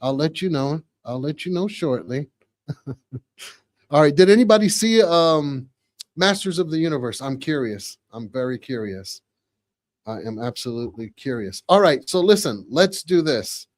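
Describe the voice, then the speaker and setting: A man in his forties hosting a podcast live, chatting casually with viewers, reading comments and repeating phrases excitedly. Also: medium pitch, measured pace, no echo. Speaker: podcast host.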